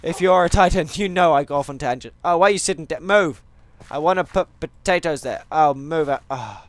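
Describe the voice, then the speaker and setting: Brisk and slightly high-voiced, this gaming channel host plays Minecraft while chatting to his audience. He rambles, cracks jokes, goes off on tangents, and speaks to the animals in the game too.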